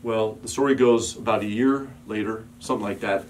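A man preaching a sermon as pastor, building emphatic repeated calls and sometimes dropping to a soft, quiet storytelling voice. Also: lowish voice, steady tone, fairly quick, a little hiss or hum.

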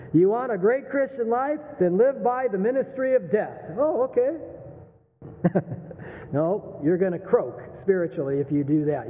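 Older pastor preaching in an echoey hall. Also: male voice, sits high. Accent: Texan. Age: 60s. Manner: conversational, animated, laughs and asks the room. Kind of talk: sermon. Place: church sanctuary. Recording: phone-like, thin sound with long hall reverb.

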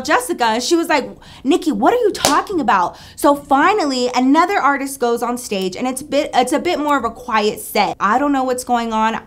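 Chatty woman telling a story. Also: high voice. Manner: animated, chatty, acts out friends' voices, says "girl" and "y'all". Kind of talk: casual storytime monologue.

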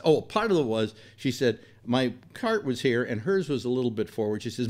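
Older male talk host, blunt and profane rambling storyteller, lively animated delivery. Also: mid-range voice, a little fast. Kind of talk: rambling personal anecdote.

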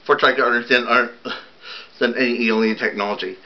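A man voicing an excitable male time traveler from the future, wide-eyed and rambling. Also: medium pitch, fast, dull audio, lightly acted. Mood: excited.

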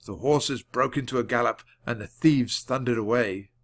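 A man reading a children's chapter book aloud with clear narration. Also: mid-range voice, moderate pace. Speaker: audiobook reader.

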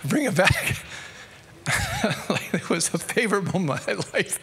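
A man's voice: high voice, wildly swooping pitch, moderate pace, vocal fry, pushed and bright, big-room sound. A man with an Australian accent preaching a sermon as pastor, conversational and storytelling, building to emphatic peaks.

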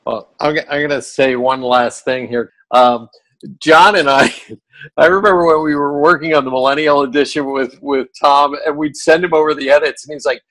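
A man co-hosting a radio talk show, telling animated stories and laughing often. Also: fairly high pitch, normal speed, poor audio. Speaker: radio co-host. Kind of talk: tribute storytelling on a talk show.

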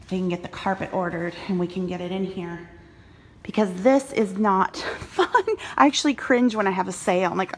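A woman's voice: mid-range voice, slight background noise. Chatty woman vlogging from her basement. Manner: chatty, rambling, with fillers. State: out of breath. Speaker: vlogger and eBay reseller. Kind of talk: casual vlog chat. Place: home basement.

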